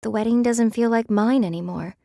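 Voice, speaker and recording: A woman voicing an anxious young bride who speaks in a soft, wobbly, pleading voice. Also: on the high side, fairly quick, gravelly, no room sound, studio quality, pitched above the performer's own voice. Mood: distressed.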